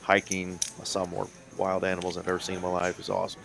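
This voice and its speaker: A man's voice: sits low, monotone, quick pace, creaky, a bit bright, faint music behind. A man commentating a live poker game, chatting casually and reading viewer comments aloud. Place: card room broadcast booth. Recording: crowd noise behind.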